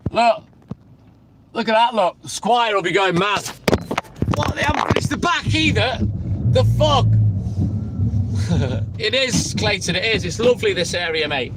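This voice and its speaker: Casual live-stream host, man, high-pitched, swears and banters with viewers, loud traffic noise behind. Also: expressive, moderate pace. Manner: chatty, swearing, teasing viewers by name. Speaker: livestream host.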